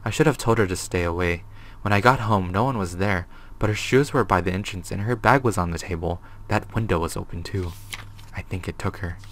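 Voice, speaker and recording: A man's voice: deep voice, a little fast, a little hiss or hum, lightly acted. A man voicing a frightened, guilt-ridden male former tenant, reading his diary note aloud in a put-on accent. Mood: fearful. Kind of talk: reading game text aloud.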